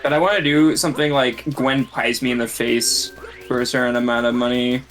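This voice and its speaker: A man in casual voice-chat banter, his pitch sitting right in the middle range, rambling through his thoughts and laughing as he goes. Game music plays faintly behind him. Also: fairly even intonation, brisk, fairly bright tone. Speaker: streamer.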